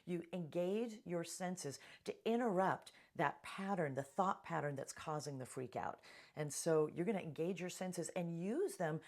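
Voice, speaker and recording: A woman talks straight to the viewer with earnest, coaching advice. Her voice sits a little low for a woman. She paces her tips like a teacher guiding a worried listener. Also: lively intonation, measured pace, darkish tone. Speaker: presenter. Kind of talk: calm-down advice talk to camera.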